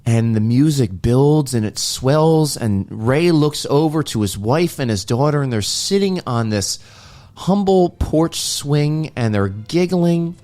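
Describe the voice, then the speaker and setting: A man co-hosting a podcast slowly walks through a movie scene, earnest and reflective, acting out the lines he quotes in casual talk. His mid-range, darkish voice has lively intonation, and faint music sits behind him.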